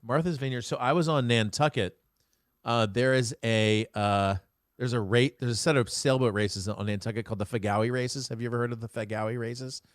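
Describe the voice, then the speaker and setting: A man's voice: mid-range voice, fairly even intonation, a little fast, no room sound, studio quality. A man hosting an interview show, chatting casually and telling rambling jokey stories. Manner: joking, rambling storyteller. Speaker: podcast host.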